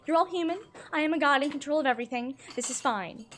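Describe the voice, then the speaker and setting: A woman's voice: high voice, fast, fairly bright tone, a little hiss or hum. A woman voicing a stubborn all-controlling female god who keeps insisting everything is fine. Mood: defensive.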